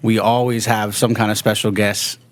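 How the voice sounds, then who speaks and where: A man with a low, fairly monotone voice talks about his band's shows in an easygoing, upbeat way. His pitch barely moves as he chats on the podcast. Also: moderate pace, no echo. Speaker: band member and guest. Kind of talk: casual podcast conversation.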